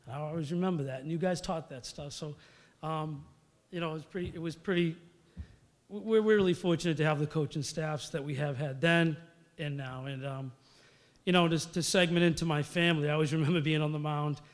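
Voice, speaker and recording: A man's voice: on the high side, steady tone, fairly quick. A middle-aged man giving a rambling, anecdote-filled acceptance speech at a podium microphone in a large banquet hall. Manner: rambling, storytelling, many fillers. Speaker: hall of fame inductee. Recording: long reverb of a large hall.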